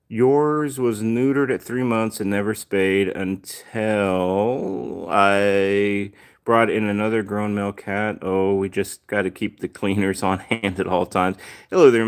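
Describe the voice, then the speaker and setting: A man's voice: fairly low pitch, clear, resonant tone. A man hosting a casual livestream, reading chat aloud and chatting to his cats, with dry sarcastic humor.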